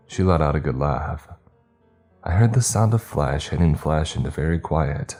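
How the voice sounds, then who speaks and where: A man reading a first-person horror story in a slow, measured, brooding way. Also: extremely low pitch, warm tone, faint music behind.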